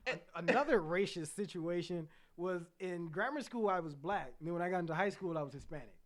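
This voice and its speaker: A man's voice: animated, fairly quick. A young man in his twenties co-hosting a podcast, telling stories with a laugh and acting out quotes. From United States. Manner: laughing storyteller, acts out high-voiced quotes. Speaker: podcast co-host. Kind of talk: casual chat.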